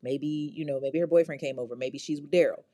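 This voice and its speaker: A worried, practical mother, as a woman narrator puts her on, reasoning out loud in a low voice. The sound is mellow and dry. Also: a little fast, dry recording, lightly acted.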